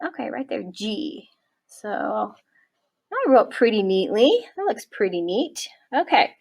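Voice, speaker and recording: A woman teaching a kindergarten writing lesson, encouraging and spelling words out slowly for young children. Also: mid-range voice, big pitch swings, breathy edge. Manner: warm, encouraging, slow-spelling teacher talk. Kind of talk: early-years writing lesson.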